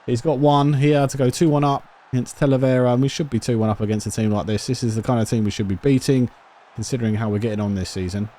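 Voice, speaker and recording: A man giving casual, excitable commentary over a football management game, swinging from shouted reactions to quiet musing. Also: mid-range voice, quick pace. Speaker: gaming YouTuber.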